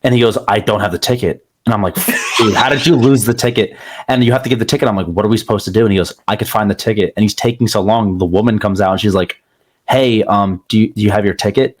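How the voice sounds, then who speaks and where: A man with a lowish voice rattles off profane anecdotes quickly in casual chat. He co-hosts a podcast. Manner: fast, profane anecdote telling. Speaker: podcast co-host.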